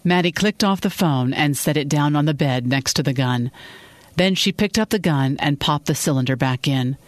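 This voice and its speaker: Calm steady fiction narrator. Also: medium pitch, normal speed, no echo. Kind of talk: audiobook fiction reading.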